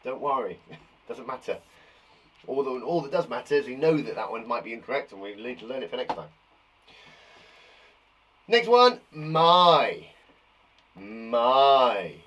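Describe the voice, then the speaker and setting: A man's voice: mid-range voice, very animated, measured pace, pauses often, a bit bright. A man teaching a spelling lesson to young children, jokey and encouraging as he reads out words. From England. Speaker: primary school teacher.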